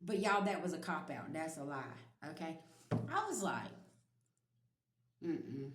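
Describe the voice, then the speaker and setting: A woman's voice: sits low, very animated, moderate pace, reverberant, noisy background. A woman giving a casual spiritual reading to her viewers, blunt and emphatic, swearing freely and speaking straight to them. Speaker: spiritual reader.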